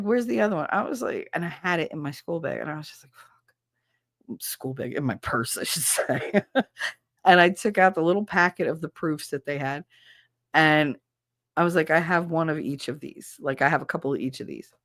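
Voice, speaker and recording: Thirties woman streamer, low-ish voice, swearing storyteller, dry close sound. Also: brisk, a bit bright, dry recording. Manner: chatty storyteller, swears freely, laughs often. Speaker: livestreamer. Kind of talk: casual chat with viewers.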